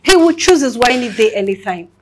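A woman's voice: a little high, animated, quick pace, background noise, lightly acted. An actress playing a blunt friend who insistently lectures another woman. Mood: scolding. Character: blunt scolding female friend. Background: music.

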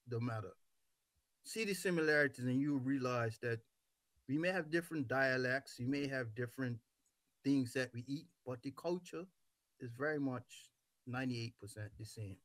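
A man's voice: medium pitch, no room sound. A man from Bermuda hosting an interview show, talking emphatically and persuasively with rhetorical questions. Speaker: host.

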